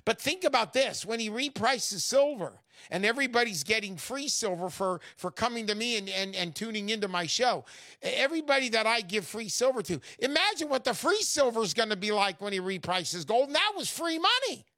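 A man hosting a call-in radio show, brash and salesy, turning loud for emphasis. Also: high-pitched, lively intonation, fairly quick, no room sound, studio quality.

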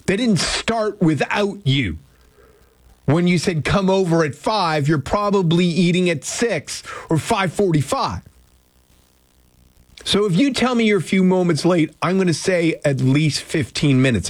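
A high-voiced man hosts casual morning radio from the studio, speaking expressively and a little slowly. He rambles, chats, and teases himself as he talks with listeners and co-hosts. The studio mic captures it dry.

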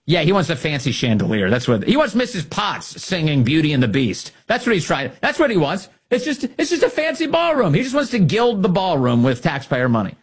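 A man's voice: a little high, very animated, brisk, few pauses, husky. A man hosting a political talk show, sarcastic and heated, throwing insults and mocking his targets. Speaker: radio talk show host. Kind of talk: opinionated political talk radio.

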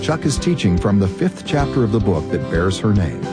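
Male announcer, scripted intro, fairly low voice, lively pitch, loud music bed. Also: moderate pace. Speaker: radio announcer.

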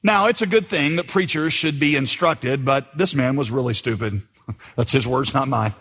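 Husky-voiced male pastor preaching. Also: mid-range voice, normal speed, fairly bright tone, long reverb tail. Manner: conversational storytelling, reads quotes aloud. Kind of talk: sermon.

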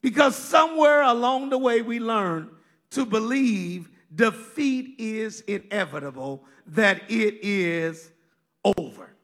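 A man from Kansas preaches in a country accent, pitched high and speaking slowly. He repeats words and leans on fillers as he builds his points. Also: expressive, a bit bright. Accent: rural Kansas. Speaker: pastor. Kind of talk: sermon.

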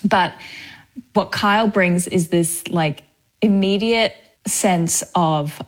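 Chatty young actress, lowish voice. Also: female voice, slow pace, poor audio. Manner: chatty, laughing, many fillers. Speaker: actress, guest. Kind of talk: casual interview chat.

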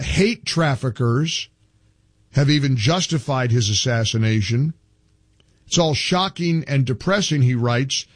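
Male host, slow deliberate pace, dry close sound, emphatic opinion commentary. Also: on the high side, dry recording. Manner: emphatic, builds into indignant outbursts. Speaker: political talk show host. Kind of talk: opinion commentary, reading from articles.

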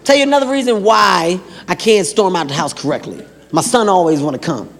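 A man's voice: high-pitched, lively intonation, fairly quick, fairly bright tone. A man doing stand-up comedy, brash and profane, acting out scenes. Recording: reverberant venue with crowd.

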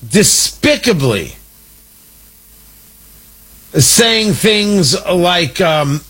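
A man delivers heated political commentary, indignant and emphatic, with sarcastic asides. His voice sits high for a man. It also carries a husky, rough edge. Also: very animated, slow, pauses often, fairly bright tone, poor audio. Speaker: talk show host.

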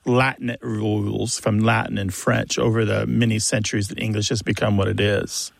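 A man's voice: lowish voice, little pitch movement, normal speed, vocal fry, dry recording. A man co-hosting a radio call-in show, explaining word pronunciation with enthusiasm. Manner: explanatory, enthusiastic about words.

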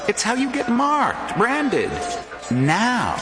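Slow, swooping, menacing tempter villain over music. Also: male voice, very high-pitched, wildly swooping pitch, exaggerated voice. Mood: scheming. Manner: slow, commanding, swings from hush to loud. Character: scheming, menacing male tempter promising power. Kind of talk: audio drama acting.

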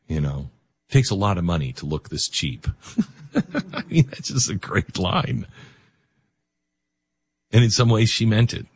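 A man's voice: lowish voice, big pitch swings, measured pace, long pauses, slightly rough, no room sound. A man hosting a talk radio show, speaking in an emotional, emphatic way.

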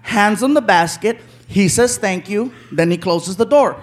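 High-voiced man telling stand-up stories. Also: normal speed. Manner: loud, animated, acts out characters' voices. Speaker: stand-up comedian. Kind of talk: stand-up storytelling. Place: comedy stage before a live audience. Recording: live show with crowd noise.

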